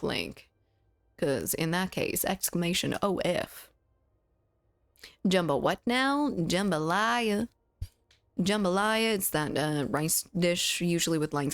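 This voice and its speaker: Playing a game on stream, this Southern American woman talks easily with her chat, laughs a lot, and swears without holding back. She has a low-pitched voice, and the sound is studio quality with no echo.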